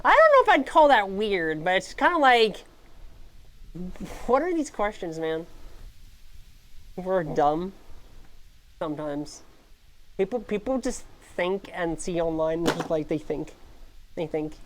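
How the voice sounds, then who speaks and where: A woman VTuber streamer in casual live-stream chat, playful and giggly, swinging between squeaky highs and mumbled lows. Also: big pitch swings, unhurried, long pauses.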